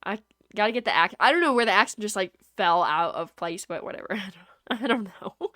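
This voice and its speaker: A woman's voice: mid-range voice, animated, quick pace, fairly bright tone, no echo. A young woman streaming live, chatting casually with her chat and joking and teasing as she goes.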